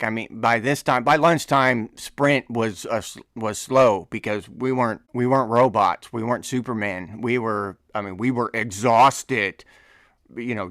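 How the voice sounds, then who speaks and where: A middle-aged man hosting a podcast, telling an army story in a casual, animated way, often laughing and acting out shouted quotes. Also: mid-range voice, dry recording, studio quality. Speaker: podcast host.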